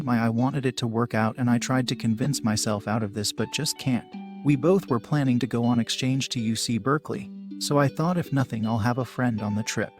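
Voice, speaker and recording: A man reading submitted relationship stories aloud as scripted first-person narration, with sudden rises in pitch and force.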